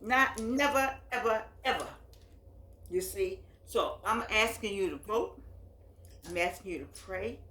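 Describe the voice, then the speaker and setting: A woman's voice: mid-range voice, measured pace, bright, forceful tone, reverberant. A woman in her eighties from the United States speaking to camera on her phone, emphatic and preacherly, repeating her phrases. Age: 80s. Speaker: host. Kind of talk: impassioned address to camera.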